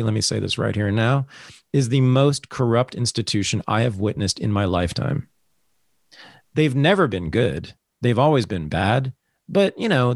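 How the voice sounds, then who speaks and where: A man hosting a casual political talk show, ranting in an animated, sarcastic way. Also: medium pitch, no room sound, clean studio sound.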